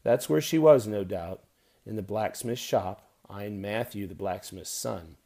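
A man reads a novel aloud in a measured, wry manner. His voice is low, mellow and dark, with a gravelly edge. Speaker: audiobook narrator. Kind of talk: scripted narration.

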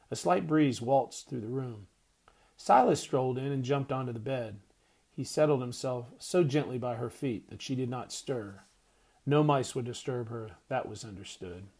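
Husky guy narrating an audiobook in first person, soft and hushed, middle pitch. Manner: hushed, tender reading.

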